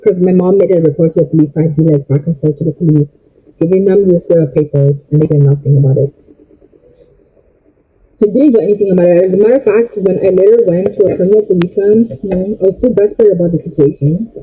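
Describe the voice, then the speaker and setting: Young man, storytime rant, agitated, repeats himself, husky. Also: high voice, quick pace, phone-quality sound. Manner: agitated, repetitive, stumbling over words. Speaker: vlogger.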